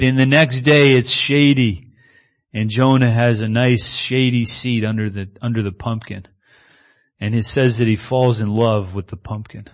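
A man's voice: mid-range voice, muffled recording. A man preaching a sermon in a conversational way, often asking his listeners "right?".

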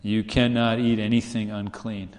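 A man's voice: fairly low pitch, little pitch movement, moderate pace, darkish tone. Man, pastor, casual sermon, acts out quotes, long hall reverb. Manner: conversational, asks "right?" often, acts out quoted voices.

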